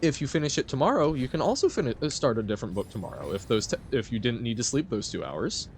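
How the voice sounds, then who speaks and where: A man chats loosely with his audience while playing a game on a live stream. His pitch swings up and down in an animated way, and he rambles, laughs a lot and answers comments as they come. There is a faint hum of noise behind him. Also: fast. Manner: rambling, chatty, laughs often, answers chat.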